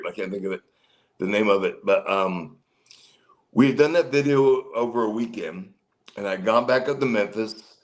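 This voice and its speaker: A man's voice: lowish voice, rough recording. Man telling long backstage stories. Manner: rambling, with many fillers and restarts; acts out quoted people in a livelier voice. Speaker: guest, former pro wrestler. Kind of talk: casual storytelling in an interview.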